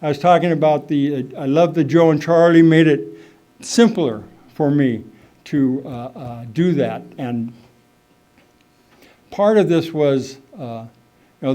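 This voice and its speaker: Rambling middle-aged man telling his story. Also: a little high. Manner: rambling, animated, full of fillers and asides. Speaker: speaker at a recovery meeting. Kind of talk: personal testimony, casual storytelling.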